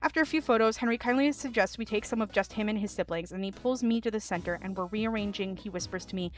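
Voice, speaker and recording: Animated woman streamer reading stories aloud. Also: a little high, fast talker, few pauses, faint music behind. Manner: animated, laughing asides and reactions.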